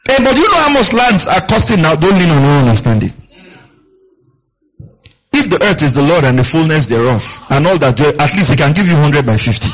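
A man's voice: lively intonation, fast talker, fairly bright tone, poor audio. A man preaching a sermon as a pastor, asking his congregation questions, repeating key lines and acting out the people in his stories. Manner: acts out quoted voices with big pitch jumps.

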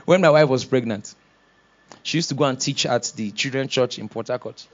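A man's voice: mid-range voice, fairly quick, highs cut off. A man preaching a sermon, acting out quoted voices and laughing often. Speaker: pastor.

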